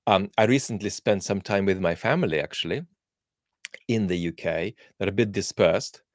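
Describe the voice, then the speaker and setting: A man's voice: sits low, moderate pace, dry recording, studio quality. A man born in Russia hosting a live question-and-answer chat, thinking aloud and answering viewers with frequent ums and restarts. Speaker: host.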